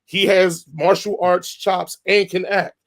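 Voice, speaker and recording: A man co-hosting a podcast, reviewing a film in a casual, animated, rambling way with lots of restarts. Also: high-pitched, slow pace. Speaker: podcast co-host. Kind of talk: casual movie review chat.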